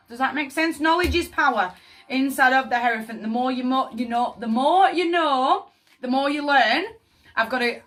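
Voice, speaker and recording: A woman's voice: high voice, a bit bright. A woman giving a tarot reading, speaking emotively and often asking "does that make sense" over faint background music. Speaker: tarot reader.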